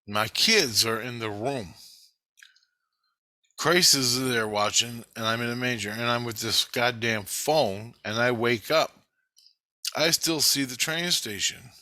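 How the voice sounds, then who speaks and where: A man's voice: medium pitch, takes it slowly, sharp tone, no echo, studio quality. A middle-aged man telling a long, rambling story in a casual, profane way. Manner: rambling, profane, retelling a dream. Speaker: vlogger.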